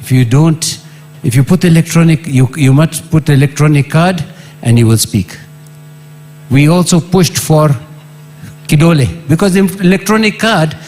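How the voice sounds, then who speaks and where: A middle-aged man with a Kenyan accent speaks at an assembly, his fairly high voice leaping up when he drives a point home. He repeats his demands with emphasis, a faint hum running underneath. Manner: emphatic and repetitive, with sudden rises in pitch and restarts. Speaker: former member of parliament. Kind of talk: impassioned public address.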